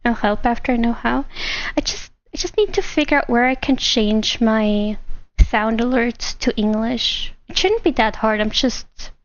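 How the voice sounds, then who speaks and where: A woman streamer chatting casually with her live chat, giggly and excitable. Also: a little high, unhurried, no echo, lo-fi sound.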